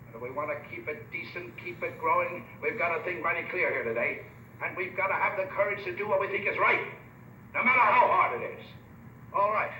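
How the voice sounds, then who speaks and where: An old-west town leader who rises into forceful, orating appeals, his voice very bright and lively in pitch. The echoey old film soundtrack carries a faint hiss. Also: full character voice. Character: persuasive middle-aged male town leader. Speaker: town leader chairing a church meeting. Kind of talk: 1950s western film acting.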